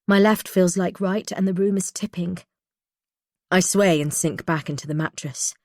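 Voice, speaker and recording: Woman reading a tense thriller audiobook, lowish voice, dry close mic. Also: moderate pace, darkish tone, no room sound. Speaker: audiobook narrator. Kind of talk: first-person thriller narration.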